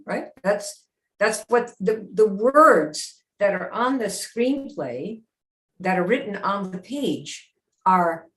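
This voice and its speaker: A woman's voice: medium pitch, very animated, a little slow. A woman hosting a live sales-coaching stream, talking emphatically, firing rhetorical questions and slipping into dramatic acted voices. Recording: roomy echo.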